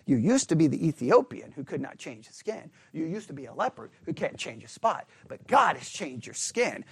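A man imitating a pompous preacher delivering a slow, soft sermon. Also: on the high side, very animated, breathy edge, dry recording, voice pushed down, heavily acted. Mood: solemn. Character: mock pompous preacher, male, soothing. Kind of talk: mock sermon.

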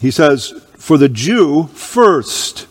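A man preaching a sermon in a church, reading scripture aloud with slow emphatic stresses and clearing his throat from allergies. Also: fairly high pitch, very animated, in a large hall.

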